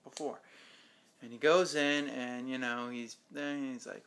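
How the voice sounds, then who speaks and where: A man's voice: mid-range voice, fairly even intonation, unhurried, fairly bright tone, clean tone. A man casually recapping a TV episode as a show host, rambling along and acting out the characters' lines.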